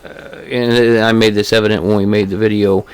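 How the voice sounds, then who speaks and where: A man's voice: on the low side, level tone, fairly quick, smooth. A man co-hosting a paranormal podcast, telling a long anecdote in a loose, rambling way full of fillers. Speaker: podcast co-host, paranormal investigator. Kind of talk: casual storytelling chat.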